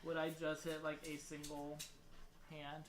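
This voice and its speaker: A man playing a tabletop game, thinking aloud in a halting way. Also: a little high, completely flat delivery, roomy sound, a little hiss or hum, low-quality recording. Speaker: player. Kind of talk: casual tabletop play.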